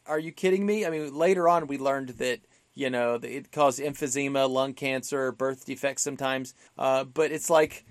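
A man's voice: medium pitch, fairly even intonation, moderate pace, no echo. Casual male podcast co-host, talkative, fillers and restarts, dry close mic. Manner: chatty, many fillers and restarts, acts out quotes. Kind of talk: casual film discussion.

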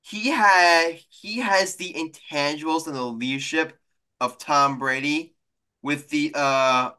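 A man's voice: a little high, takes it slowly, pushed and bright, clean tone. A man co-hosting a sports podcast, arguing emphatically in casual debate and often repeating and restarting his phrases.

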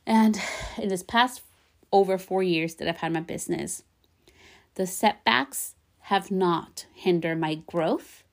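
A woman in her thirties hosting a heartfelt solo podcast, talking gently and warmly with encouraging affirmations and a light giggle now and then. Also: lowish voice, slow pace. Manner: gentle affirmations, repeats herself for emphasis. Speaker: podcast host.

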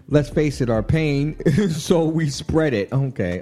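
A man hosts a radio show from the studio, riffing on a celebrity breakup in casual on-air commentary. He is animated and chatty, laughs a lot and keeps saying "you know what I'm saying". His voice is fairly high and slow with few pauses, and faint music plays behind him.

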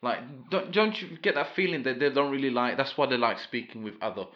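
A British man chatting casually as a podcast guest, relaxed, with casual swearing. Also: medium pitch, fairly quick, muffled recording. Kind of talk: casual chat.

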